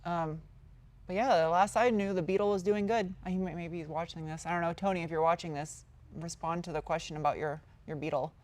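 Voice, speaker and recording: A woman's voice: lowish voice, steady tone, brisk, a little mellow. A woman casually answering viewer questions on a live stream, rambling and chatty as she reads out each question. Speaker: car-build YouTuber answering live chat.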